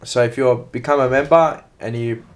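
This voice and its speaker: A man, co-hosting a casual podcast chat and chiming in with quick quips and confirmations. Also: mid-range voice, fairly even intonation. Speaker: podcast co-host.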